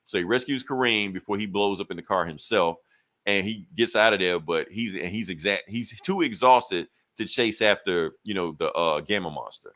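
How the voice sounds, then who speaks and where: A low-voiced man talks through a comic book story in a loose, profane podcast chat. He jumps in and out of the characters' lines as he retells the plot. His delivery stays conversational and unscripted. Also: moderate pace, a bit bright. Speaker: podcast co-host. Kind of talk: casual comic book recap.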